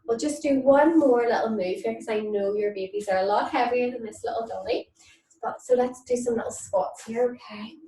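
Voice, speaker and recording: A woman leading a mum and baby yoga class, gentle and encouraging, recorded in a room away from the mic. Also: fairly high pitch, moderate pace, a little hiss or hum. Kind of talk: online yoga class instruction with nursery songs. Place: indoor room, moving around on camera. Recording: echoey room, mic at a distance.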